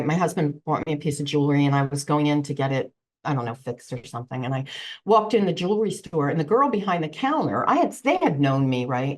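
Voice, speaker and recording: Brief: expressive woman guest, talks with big pitch swings, acts out what people said. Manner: animated storyteller, acts out quotes, laughs easily. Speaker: psychic medium guest. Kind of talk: casual interview chat. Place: home room with crystals on shelves.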